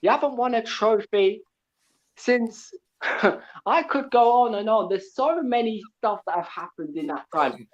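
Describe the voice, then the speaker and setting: A man's voice: high-pitched, expressive, unhurried. Fired-up young man ranting down a muffled line. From Portugal. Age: 20s. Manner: combative, keeps asking "yeah?". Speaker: caller. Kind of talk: fired-up call-in rant.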